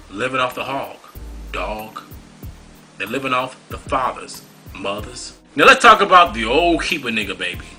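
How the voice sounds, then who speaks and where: A man's voice: mid-range voice, sharp tone, low-quality recording. A man hosting a talk show, delivering a preachy, scolding monologue full of rhetorical questions. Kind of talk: monologue commentary.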